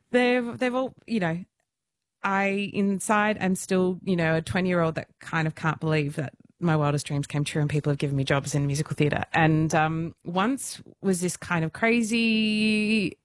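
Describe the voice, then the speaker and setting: A woman with a very low voice tells stories on a studio mic with bubbly enthusiasm. She is self-deprecating and laughs often. The sound is close and dry. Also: dry recording. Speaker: musical theatre performer, radio guest. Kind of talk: casual radio interview storytelling.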